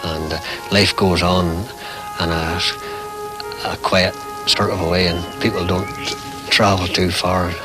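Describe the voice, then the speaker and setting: Hesitant low-voiced farmer. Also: male voice, little pitch movement, over music, low-quality recording. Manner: slow, hesitant, many pauses. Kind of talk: interview talk.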